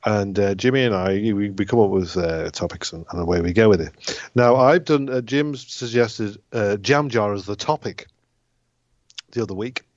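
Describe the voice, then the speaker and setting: A man's voice: on the low side, moderate pace, darkish tone, dry recording. Man, dull lo-fi podcast audio. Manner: joking, rambling, swears casually. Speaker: comedian and podcast host. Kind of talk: casual podcast chat.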